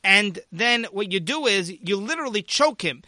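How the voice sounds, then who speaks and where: A man's voice: high-pitched, expressive, normal speed, sharp tone, dry recording, studio quality. A man hosting a political commentary show, delivering an opinion monologue in an indignant, sarcastic manner with mocking asides.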